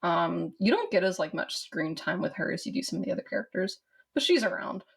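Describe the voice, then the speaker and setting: Woman with a creaky low voice. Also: sing-song, fairly quick. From southern United States. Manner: rambling, with many fillers and restarts. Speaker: podcast co-host. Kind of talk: casual chat about a film.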